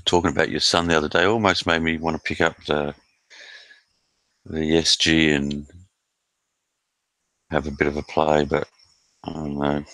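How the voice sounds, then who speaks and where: Laid-back Australian male streamer, very deep and forceful, dry close sound. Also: level tone, normal speed, long pauses, dry recording. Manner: laid-back, swears freely, chats with viewers. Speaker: live stream host reading chat. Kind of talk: casual live-stream chat. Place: at home in South Australia.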